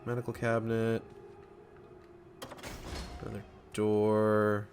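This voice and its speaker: A man's voice: on the low side, monotone, slow pace, darkish tone, soft background music. A man giving casual, sarcastic commentary while playing a horror game, swearing often. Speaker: gamer. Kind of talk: let's play commentary.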